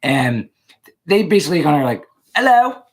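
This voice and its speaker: An American man hosting a casual live chat, loud and joking, swearing often and trying mock accents. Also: a little high, animated, fairly quick, gravelly. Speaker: host.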